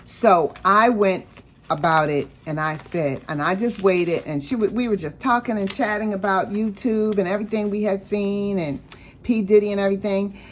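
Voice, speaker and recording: A woman vlogging about her budget, telling a personal story in a chatty, animated way and talking straight to her viewers. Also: mid-range voice, moderate pace, slight background noise. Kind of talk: casual storytelling vlog.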